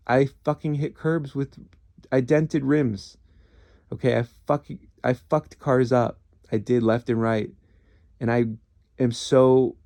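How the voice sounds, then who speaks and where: A man's voice: medium pitch, creaky, dark tone, no room sound. A man in his thirties, a former police officer, telling rambling stories in casual chat, swearing and putting himself down, with many restarts. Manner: rambling, swearing, self-deprecating with frequent restarts. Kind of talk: casual storytelling.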